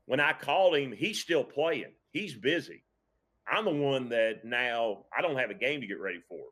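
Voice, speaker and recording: A man's voice: mid-range voice, expressive, moderate pace, a bit bright. Earnest man telling a heartfelt story. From Kentucky. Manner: reflective, earnest storytelling with many restarts. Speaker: high school football coach. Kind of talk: casual podcast talk.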